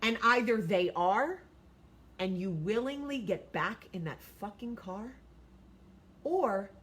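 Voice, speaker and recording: A woman in her forties hosting a vlog, giving blunt, profane, animated advice talk. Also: mid-range voice, a little hiss or hum. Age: 40s. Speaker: vlog host.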